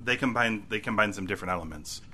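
A man's voice: fairly low pitch, fast, bright, forceful tone, breathy edge. A man co-hosting a casual TV recap podcast, rambling and self-mocking with many restarts. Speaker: podcast co-host.

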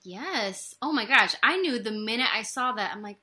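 Young woman co-host, high bright voice, emotional and expressive, casual swearing. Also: moderate pace. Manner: emotional, animated, swears freely, quotes scenes. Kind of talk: casual chat.

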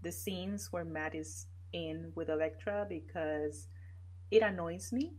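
A woman's voice: fairly low pitch, slow pace, darkish tone, low-quality recording. A woman co-hosting a podcast in casual chat, starting her sentences hesitantly. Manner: hesitant starts, frequent agreeing murmurs. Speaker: podcast co-host.

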